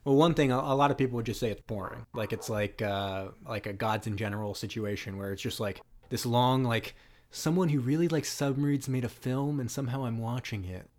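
A man co-hosting a casual movie podcast, rambling and animated, laughing often as he talks. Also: medium pitch, fairly quick. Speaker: podcast co-host. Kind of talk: casual chat about bad movies.

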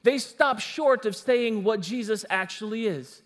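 High-voiced emphatic male preacher. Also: measured pace, few pauses. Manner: emphatic, with conversational asides to the congregation. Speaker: pastor. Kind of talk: sermon.

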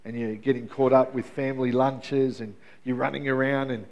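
A man's voice: mid-range voice, steady tone, normal speed, a little mellow, highs cut off. A middle-aged man preaching an Easter sermon in a conversational way, asking the congregation questions. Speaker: pastor.

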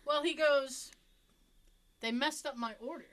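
A woman's voice: sits high, measured pace, fairly bright tone. A woman chatting casually, telling funny family stories with lots of swearing and laughter. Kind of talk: casual chat.

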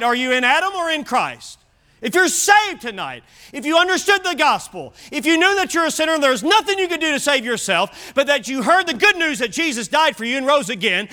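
A man's voice: very high voice, bright, forceful tone. A man preaching an evening sermon as pastor, emphatic and repeating key phrases. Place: church service.

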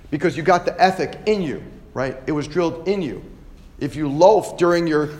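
A man hosting a podcast, giving an emphatic motivational talk to students and ending many phrases with "right?". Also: on the high side. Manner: emphatic, repeats "right?" often. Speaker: podcast host and chiropractor.

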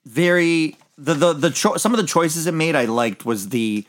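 A man's voice: fairly high pitch, normal speed. Man, podcast host, casual movie chat, rambling, many restarts, laughs easily.

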